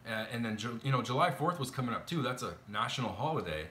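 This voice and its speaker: Guy vlogging, rambly and fed up, bright voice, faint hiss behind. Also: medium pitch, sing-song, quick pace. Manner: chatty, exasperated, lots of fillers. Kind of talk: casual complaint storytelling to camera. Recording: echoey room.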